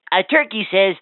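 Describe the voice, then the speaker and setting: A woman's voice: mid-range voice, dry recording. A woman voicing a cheerful, chatty talking toy that quizzes and teases a child in a playful sing-song. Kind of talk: toy voice lines. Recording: tinny, dry toy speaker audio.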